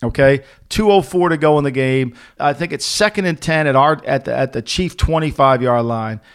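A middle-aged man co-hosting a casual sports talk show, telling lively anecdotes and acting out the people in them. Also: on the high side, moderate pace, clear, resonant tone. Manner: animated anecdote-teller, acting out quoted voices. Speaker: podcast co-host, former NFL executive. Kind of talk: casual storytelling chat.

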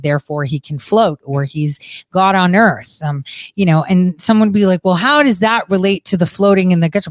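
A woman's voice: on the low side, no room sound, clean studio sound. A woman speaking casually in an interview, loose and searching, with fillers and self-corrections. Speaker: interviewee describing cult deprogramming.

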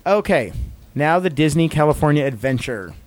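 A man with a slightly high voice hosts a casual podcast. He rambles, apologizes for his own slips, and keeps defending his choices even when no one argues. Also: slight background noise. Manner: rambling, self-deprecating, quick to justify himself. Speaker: podcast host.

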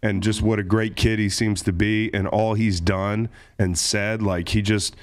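Lower-voiced male host, earnest and talkative. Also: little pitch movement, measured pace. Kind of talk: interview conversation.

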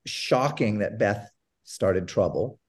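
Low-voiced man telling a story. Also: slow pace, husky. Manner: animated storyteller, acts out phone calls. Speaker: guest, TV producer. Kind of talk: casual interview storytelling.

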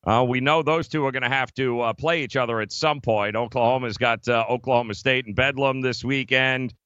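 Bright-voiced emphatic male sports host. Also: mid-range voice, steady tone, brisk, clear, resonant tone, dry recording, muffled recording. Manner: emphatic, argumentative, many fillers. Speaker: sports talk show host. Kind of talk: casual sports betting debate.

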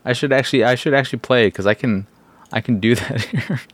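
A man's voice: medium pitch, fast talker, no room sound. A man hosting a podcast, rambling in a casual, exasperated, self-mocking way. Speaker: podcast host. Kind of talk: casual solo podcast talk.

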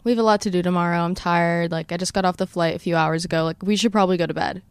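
A young woman hosts a casual podcast, rushing through a story and acting out every quote. Her voice is smooth and resonant. It is recorded close and dry, with no room sound. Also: lowish voice, no echo. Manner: fast, animated storyteller who acts out quotes. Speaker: podcast host.

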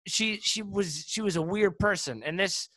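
A man's voice: high voice, moderate pace, pushed and bright, dry recording. A young man, a little drunk, rambling through a story in casual chat, with lots of restarts. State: tipsy from drinking. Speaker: guest storyteller.

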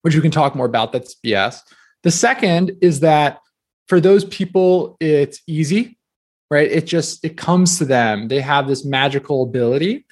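Guest spot: man in his 30s from new jersey, fairly high voice, talkative and loose, lots of fillers. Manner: chatty, quick, filler-heavy with many "like"s. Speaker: guest author. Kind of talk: casual podcast interview.

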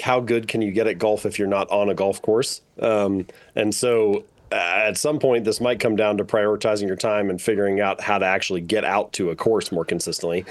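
A man with a somewhat low voice, speaking as a guest on a podcast interview. He explains things in a measured way and fills pauses with frequent ums. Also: darkish tone. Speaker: author and guest.

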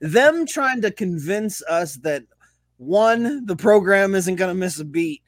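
A man co-hosting a sports podcast, ranting loudly and excitedly with lots of swearing. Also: sits high, slow pace, dry recording. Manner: loud, profane, excitable ranting. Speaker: podcast co-host. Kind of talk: casual sports chat.

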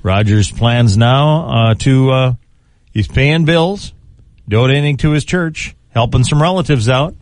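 A man's voice: medium pitch, unhurried, no room sound. A man hosting a radio show, chatting casually through odd news stories, chuckling often and tripping over unfamiliar names. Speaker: radio host.

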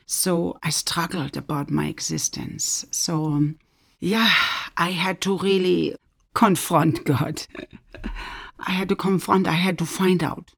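A middle-aged woman speaks in a deep, gravelly voice with a breathy, husky edge. She tells her story earnestly and often sinks to a soft near-whisper. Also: steady tone, slow pace. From Germany. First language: German. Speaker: author. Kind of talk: personal book introduction talk.

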